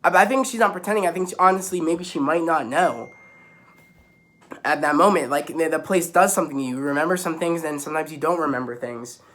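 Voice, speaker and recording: A young man at home, excitedly recapping a TV episode to camera in a loose, rambling way full of restarts and fillers. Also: fairly high pitch, quick pace. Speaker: YouTuber reviewing a TV episode. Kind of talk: casual spoiler recap to camera. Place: at home with kittens around.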